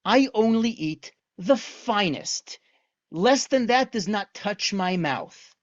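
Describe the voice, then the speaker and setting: A man's voice: high-pitched, animated, takes it slowly, muffled recording. A man voicing a haughty, sheltered rich woman who speaks with indignant pride during a lesson.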